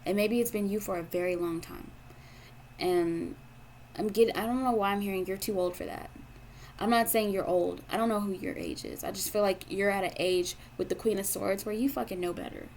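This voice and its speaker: A young woman delivers a tarot reading in a frank, profane, emphatic way, circling back to the same points again and again. Her voice sits at a middle pitch, with a faint hiss of noise behind it. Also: steady tone, brisk, a little mellow. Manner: blunt, profane, emphatic, with lots of repetition. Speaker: tarot reader.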